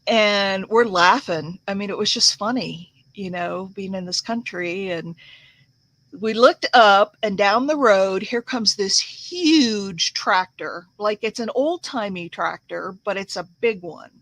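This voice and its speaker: A woman's voice: medium pitch, slow pace, fairly bright tone, no echo. A woman from the United States hosting a crafting livestream, telling a rambling story in a casual, chatty way with many fillers while she works.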